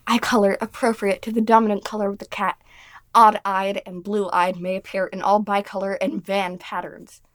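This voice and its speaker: A woman hosting a casual podcast chat, reading notes aloud in a halting, giggly way. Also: medium pitch, little pitch movement, dry recording. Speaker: podcast host.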